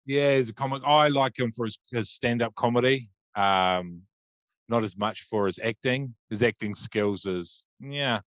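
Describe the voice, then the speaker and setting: A man's voice: medium pitch, a little slow, fairly bright tone, dry recording, highs cut off. Rambling New man hosting a podcast. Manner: rambling, many ums and restarts. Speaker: podcast host. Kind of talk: casual interview chat. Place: Auckland, New Zealand.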